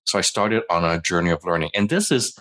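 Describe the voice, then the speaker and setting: A man's voice: low voice, a little fast, a bit bright. A middle-aged man, a physician guest in an interview, telling his own story in a conversational way and acting out his past dialogue. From Canada.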